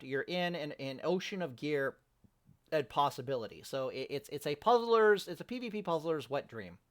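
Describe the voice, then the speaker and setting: A gaming vlogger rants in a casual monologue recorded at home near a kitchen, swearing and rambling as he keeps restarting his sentences. His voice is on the high side and a bit bright.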